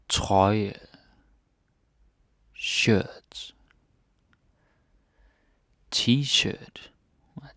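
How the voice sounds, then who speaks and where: Male teacher, very low and gravelly, dry close sound; drills words one at a time. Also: fairly bright tone, no room sound. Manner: slow, repeats each word, tags phrases with "eh?" and "ikke?". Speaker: Danish language teacher. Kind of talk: language lesson, repeating words with translations.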